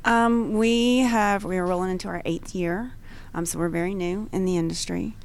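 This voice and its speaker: A woman answering questions as a guest on a radio talk show in a studio, measured and halting with many fillers. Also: on the low side, steady tone, a little hiss or hum. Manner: measured, many ums and restarts. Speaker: radio guest, gun range owner.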